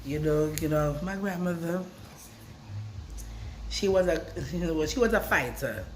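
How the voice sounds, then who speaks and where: A woman vlogger talking casually and emotionally, rambling, repeating words and swinging between soft and loud. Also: low voice, lively intonation, measured pace, a little hiss or hum. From Brooklyn. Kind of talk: casual emotional vlog talk.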